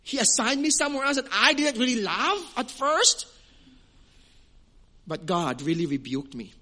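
Filipino male pastor, high voice, earnest sermon delivery with halting repeats. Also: sing-song, bright, forceful tone. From Western Visayas, Philippines. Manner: earnest, repeats words while searching for phrasing.

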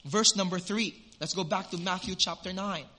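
Man, pastor, sermon, high voice, bright tone, lively storytelling, earnest preaching. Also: moderate pace. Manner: animated storytelling, swinging from loud to hushed.

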